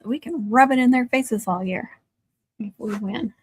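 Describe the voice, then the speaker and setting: A woman's voice: fairly high pitch, unhurried, breathy edge, no echo. A woman chatting casually on a livestream from her country home, laughing often and cooing to her dogs. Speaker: craft livestream host. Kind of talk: casual livestream chat with viewers.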